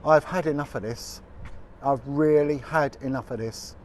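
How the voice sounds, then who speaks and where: A man's voice: mid-range voice, moderate pace, a little hiss or hum. A man, a former detective giving a blunt, indignant, colloquial video update. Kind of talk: impassioned direct-to-camera update.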